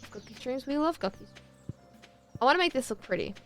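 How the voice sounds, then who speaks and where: A woman's voice: high voice, animated, fairly quick, fairly bright tone, faint music behind. A woman chatting casually with her viewers while she plays a farming game, rambling and talking to chat as she goes. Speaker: streamer.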